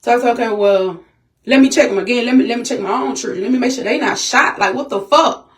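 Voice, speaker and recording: A woman's voice: fairly high pitch, fast talker. A woman venting to her vlog viewers in an agitated, profane, repetitive rant, shaken and upset. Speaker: vlogger.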